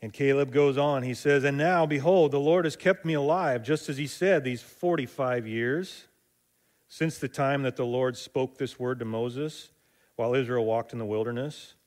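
A male Bible teacher who explains scripture in a relaxed, chatty way. He retells the stories in his own words, with loose asides and the occasional filler. His voice sits at an ordinary, mid-range pitch. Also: normal speed. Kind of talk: casual Bible study teaching.

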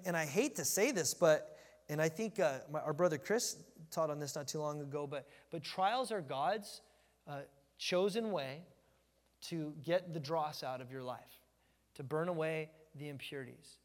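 A man's voice: fairly high pitch, in a large hall. A man preaching a casual, folksy sermon, joking with the room and often restarting his sentences. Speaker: pastor. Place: church sanctuary.

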